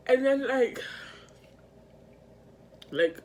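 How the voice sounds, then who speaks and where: Recording herself on a camera mic, a woman vlogger with a fairly low voice gives a personal update at an unhurried pace. She's earnest and emotional, rambling and halting with lots of fillers and restarts, and there's a little hiss or hum.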